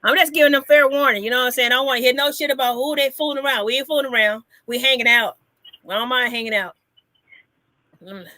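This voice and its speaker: A woman's voice: high-pitched, quick pace, bright, forceful tone, no echo. A woman comedian hosting a casual live chat, brassy and teasing, repeating herself for emphasis.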